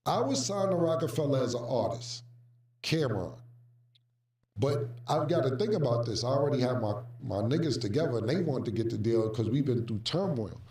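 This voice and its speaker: A man telling a casual anecdote, animated and profane, acting out the voices of the people he quotes. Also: mid-range voice, fairly quick. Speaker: storyteller recounting music business past. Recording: roomy, distant mic.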